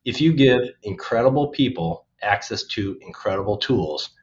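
A podcast guest with a fairly low, expressive voice speaks at a moderate pace, casual and thoughtful. He keeps restarting phrases as he explains and sounds hopeful about the future. The sound is lo-fi.

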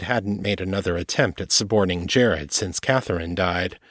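A man reading his own novel aloud in steady, measured audiobook narration. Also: deep voice, dry recording, clean studio sound.

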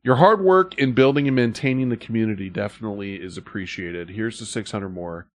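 A man's voice: lowish voice, brisk, no echo. A man hosting a podcast, chatting casually, laughing often and reading listener letters aloud. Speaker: podcast host.

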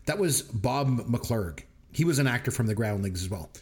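A man co-hosting a podcast, recounting movie scenes with enthusiasm and quick quoted voices. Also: mid-range voice, expressive. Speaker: podcast co-host. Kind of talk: casual movie review chat.

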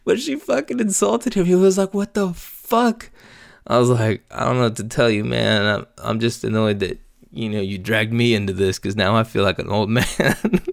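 A man's voice: fairly low pitch, vocal fry, a bit bright, no echo, clean studio sound. A man in his forties telling a rambling, profane bar story in a casual way. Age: 40s. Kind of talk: casual anecdote.

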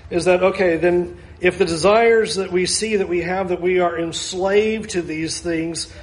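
A man's voice: sits high, steady tone, a little slow. A middle-aged male pastor preaching a sermon earnestly, acting out the answers of the people he counsels. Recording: echoey room with faint ambience.

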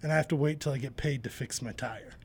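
A man's voice: medium pitch, fast talker, husky. A man joining a radio show as a guest, chatting in a playful, self-mocking way. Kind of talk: casual chat. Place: radio studio.

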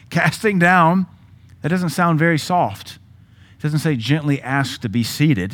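A male pastor with a Southern American accent preaching a sermon, animated and conversational, with sudden loud commands and mock voices. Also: on the high side, a little slow.

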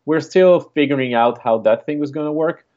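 A man's voice: fairly high pitch, fairly quick, darkish tone, dull audio. A man with a Spanish accent, a startup co-founder, chatting easily as a guest in a casual podcast interview.

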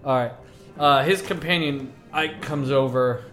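A man narrating a tabletop game as game master, relaxed and halting with fillers. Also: mid-range voice, soft background music.

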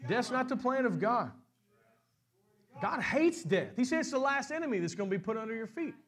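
High-voiced pastor preaching hard. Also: male voice, big pitch swings. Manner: preaching that builds to loud, high-pitched peaks; repeats and restarts words when speaking fast. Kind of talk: sermon.

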